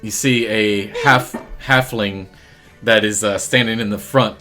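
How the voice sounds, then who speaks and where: A man narrating a tabletop game as dungeon master, in a slow, lively way with many pauses. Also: on the low side, faint music behind.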